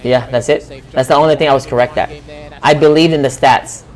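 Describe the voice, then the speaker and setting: A young adult man streaming live, reacting to a fighting game match in casual chat, excitable and profane, repeating himself and yelling at the plays. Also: mid-range voice, fairly quick.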